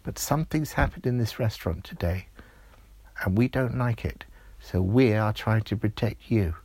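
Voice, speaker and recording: A man voicing small, protective talking straws in a told story, soft and earnest. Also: fairly low pitch, normal speed, breathy edge, dry recording. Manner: soft, earnest, explaining patiently.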